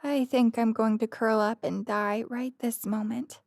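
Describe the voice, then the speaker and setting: A woman's voice: fairly high pitch, fairly even intonation, measured pace, darkish tone, no echo, clean studio sound. A woman voicing the inner thoughts of an embarrassed, self-mocking young woman in a mortified tone.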